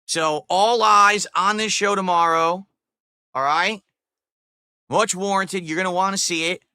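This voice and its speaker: Male streamer, high tense voice, profane mocking rant, dry. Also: fairly even intonation, measured pace, pushed and bright, clean tone, no room sound. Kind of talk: livestream rant.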